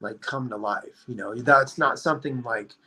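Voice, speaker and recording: A man telling a story on a podcast, in a rambling, animated way, leaning hard on "like.". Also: mid-range voice, normal speed, slightly rough, low-quality recording. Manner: rambling, animated, heavy use of "like". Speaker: podcast guest. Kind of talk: casual storytelling chat.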